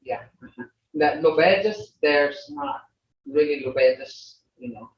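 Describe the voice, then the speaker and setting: An older woman teaching an online language class, patiently repeating words slowly for her learners. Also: sits low, expressive, distant mic. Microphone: video call. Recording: roomy lo-fi video call audio from off-mic.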